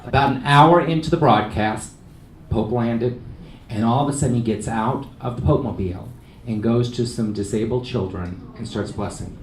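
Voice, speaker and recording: A man's voice: mid-range voice, moderate pace. Man telling stories in an echoey hall. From New York City. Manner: humorous, self-deprecating, acts out quotes. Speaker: TV news anchor speaking at a luncheon. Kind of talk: storytelling speech. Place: restaurant event hall with a lunch audience. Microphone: venue microphone. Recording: echoey hall, far from mic, crowd and noise.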